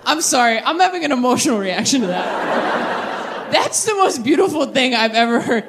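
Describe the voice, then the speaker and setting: A woman in her thirties doing stand-up with crowd work, self-mocking and quick with asides, on a club stage. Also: high-pitched, sing-song, very noisy. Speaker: stand-up comedian. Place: comedy club stage with audience.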